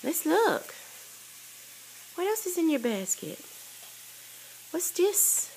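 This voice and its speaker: A woman's voice: very high-pitched, sing-song, slow pace, darkish tone, slight background noise. A mother in a home video, talking to her toddler in sing-song, coaxing baby talk.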